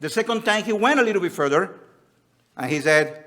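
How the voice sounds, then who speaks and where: Man, Spanish and Australian accent, higher voice, earnest sermon, reads scripture aloud. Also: lively intonation, fairly quick, bright, forceful tone. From Spanish-speaking country. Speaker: preacher.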